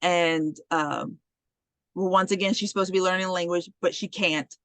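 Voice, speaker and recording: Animated woman recapping a movie. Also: lowish voice, normal speed, dry recording. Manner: animated retelling with swearing and acted quotes. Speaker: podcast host.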